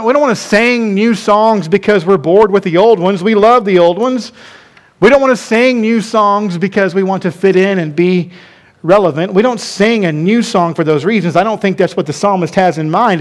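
A male pastor preaching a sermon, stressing points by repeating phrases and calling the congregation to respond. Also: high voice.

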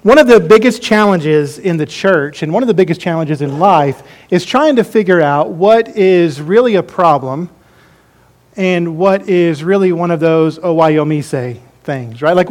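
A man's voice: high voice, a little mellow. A man preaching a sermon as pastor, folksy and joking as he talks to his congregation.

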